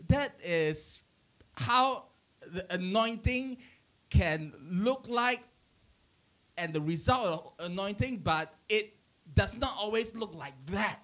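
The speaker is a middle-aged pastor with a high-pitched voice who takes things slowly. His conversational church teaching features animated stories, chuckling, and many restarted sentences.

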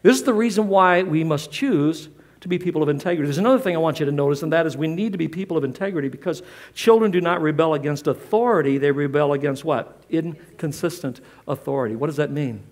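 High-voiced emphatic preaching man. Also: quick pace. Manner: emphatic, repeats key lines. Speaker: pastor. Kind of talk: sermon. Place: church.

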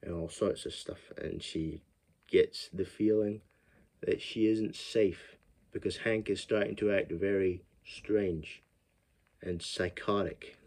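Low-voiced man swearing through a film recap. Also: fairly even intonation, slow, darkish tone. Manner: rambling, profane, laughs often. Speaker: film reviewer. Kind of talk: casual movie recap.

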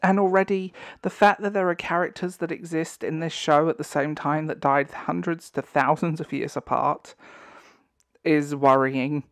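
A man's voice: on the high side, fairly even intonation, normal speed, no echo, studio quality. A man giving ranting online commentary, sarcastic and exasperated, breaking into disbelieving laughter.

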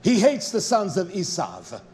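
A man's voice: high voice, wildly swooping pitch, unhurried, darkish tone. A man preaching a fiery, confrontational sermon, scolding his listeners and firing rhetorical questions at them.

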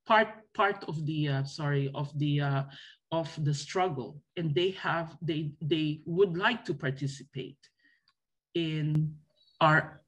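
A woman from Southeast Asia gives remarks in a panel discussion. Her voice is husky and a little breathy. She speaks earnestly, often pausing on fillers as she searches for words. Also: low voice.

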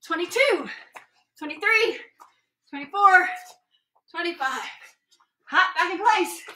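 A woman's voice: extremely high pitch, animated, slow, bright, forceful tone, a little hiss or hum. A woman, a mother, cheerfully leading a family home workout, counting reps and giving encouraging instructions. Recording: echoey room, voice from far off the mic.

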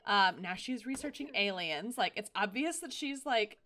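A woman narrating her game playthrough in a casual, chatty way. Her pitch bounces around in an animated, expressive sweep. She reacts excitably, with gasps and laughter. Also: moderate pace. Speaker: gaming video host. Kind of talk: casual let's-play commentary.

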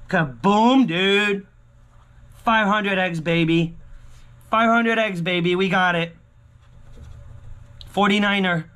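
Man, lottery vlogger, high voice, sharp tone, exclamatory, repetitive, hushed to yelling. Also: slow, long pauses. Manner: exclamatory, keeps repeating himself and calling out to viewers; swings between hushed murmuring and yelling. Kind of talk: excited casual vlog commentary.

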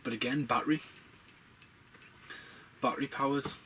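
A man giving casual, profane, rambling commentary over a film, getting excitable as he talks. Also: medium pitch, moderate pace, a little hiss or hum, poor audio.

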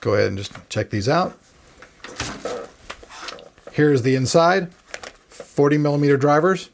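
A chatty tech reviewer, a man with a slightly high voice, talks his way loosely through unboxing a headset. There is a gravelly, fry-edged grain to his delivery, and he rambles and pokes fun at himself as he goes. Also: animated, a little slow, a little hiss or hum. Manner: chatty, rambling, self-deprecating. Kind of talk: casual unboxing commentary.

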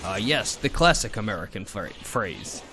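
A man's voice: on the low side, very animated, moderate pace. A man streaming a game alone, chatting casually, joking around and swearing freely. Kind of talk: casual solo gameplay chat.

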